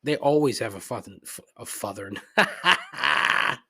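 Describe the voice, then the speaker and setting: A man's voice: on the low side, lively intonation, unhurried, sharp tone. A middle-aged man hosting a podcast, ranting in a casual, comedic, profane and rambling way. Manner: profane, rambling, griping, frequent laughs and asides. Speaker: podcast host.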